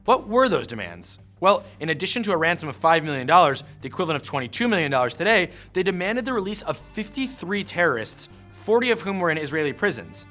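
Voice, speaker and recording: A man narrates a scripted history explainer at a rapid clip, with a bright, forceful edge to his voice. He tells the story punchily and drops in wry asides. His voice sits a little high, over soft background music.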